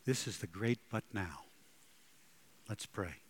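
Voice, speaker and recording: A man preaching a sermon, telling stories dramatically and swinging between loud and hushed delivery. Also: fairly low pitch, expressive, takes it slowly, husky. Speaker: pastor.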